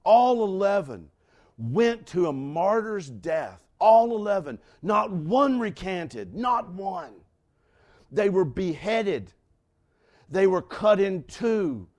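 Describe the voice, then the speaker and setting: An older man preaches in a high, lively voice, taking his time over each line. He repeats key words for weight and drops from near-shouts to hushed whispers, with the odd chuckle between points. His delivery is a classic sermon style. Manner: dramatic shifts from shouting to hushed whispers, with laughs; preaching slowly with emphatic repetition. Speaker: pastor.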